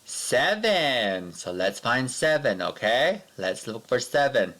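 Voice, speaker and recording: A man teaching a math lesson to young children, patient and sing-song, counting along slowly with his pupils. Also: medium pitch, sing-song, a bit bright.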